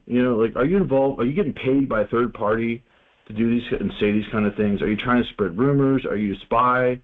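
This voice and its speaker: A man's voice: mid-range voice, brisk. A man talking casually as an interview guest, rambling with many restarts and fillers. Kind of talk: casual phone-in interview talk. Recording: tinny phone line.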